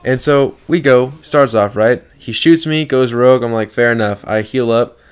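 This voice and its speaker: A man's voice: mid-range voice, moderate pace, smooth. A young man telling a story from an online game in a casual, profane vlog. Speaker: gaming video creator.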